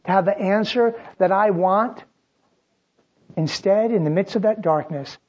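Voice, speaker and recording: A preacher delivering a sermon, shifting between loud, dramatic outbursts and quiet, drawn-out phrases. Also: mid-range voice, dull audio.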